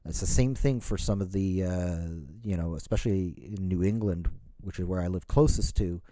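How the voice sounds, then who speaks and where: A middle-aged man from Canada talks to listeners in a relaxed solo episode. His voice sits very low with a warm, mellow tone. The sound is close and dry, and he wanders through his points with restarts and plenty of "you know"s. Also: moderate pace, dry recording. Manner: rambling, self-correcting, lots of "you know". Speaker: podcast host. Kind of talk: casual solo talk.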